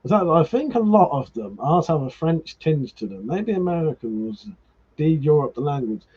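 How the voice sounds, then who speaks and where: A man hosts a casual live stream, swearing freely and laughing as he stirs up his viewers. His voice is a little husky and sits fairly high, and the audio sounds slightly muffled. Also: lively intonation, takes it slowly. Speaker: livestream host.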